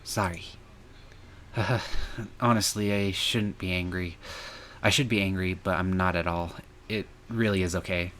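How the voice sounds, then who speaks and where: Deep-voiced man reading a game aloud. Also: fairly even intonation, measured pace, long pauses, a bit bright, a little hiss or hum. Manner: earnest, emotional reading with some angry outbursts. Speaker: streamer. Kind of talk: reading a visual novel aloud.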